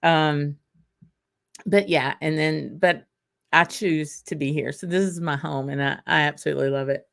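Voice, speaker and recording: A woman's voice: sits low, fairly even intonation, moderate pace, gravelly. A woman with a Southern accent, from Arkansas, hosting a casual livestream and chatting in a rambling way, reading viewer comments aloud. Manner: chatty and rambling, with frequent fillers and laughter. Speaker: livestream host.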